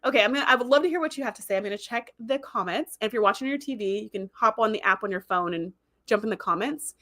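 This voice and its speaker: A woman's voice: a little high, lively intonation, fast talker, fairly bright tone. A woman hosting a casual livestream, chatting in a rambling way and reading viewer comments aloud. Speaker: livestream host.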